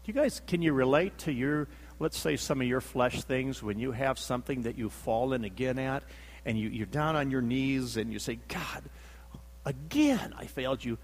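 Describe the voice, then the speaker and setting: A man's voice: medium pitch, moderate pace. Preacher man in a reverberant hall. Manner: dramatic storytelling, acting out quotes, emphatic repetition. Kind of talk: sermon.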